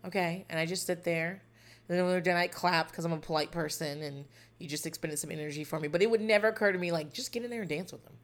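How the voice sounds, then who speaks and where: Podcast host, female, low-ish voice, loose, profane, wry storyteller. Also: fast talker. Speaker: podcast host recapping a reality dating show. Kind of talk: casual chat.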